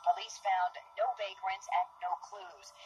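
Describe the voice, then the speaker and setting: A woman playing a TV news reporter, reading a report in a crisp, formal news delivery. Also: medium pitch, big pitch swings, a little slow, faint music behind.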